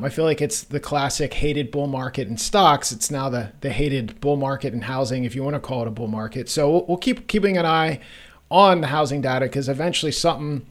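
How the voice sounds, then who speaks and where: A man hosting a casual finance podcast, joking around and talking loosely with fillers. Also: medium pitch. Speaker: podcast host.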